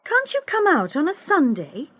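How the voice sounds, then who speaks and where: A woman voicing a quick-tempered young woman. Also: high voice, huge pitch swings, fairly bright tone, voice pushed up, heavily acted. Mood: exasperated. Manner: exasperated, impassioned.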